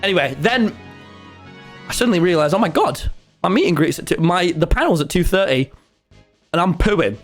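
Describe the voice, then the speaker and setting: A man, telling a story to his live chat in an excitable, rambling way. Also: sits high, moderate pace, pauses often, faint music behind. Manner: excitable and rambling, with many restarts. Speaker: streamer.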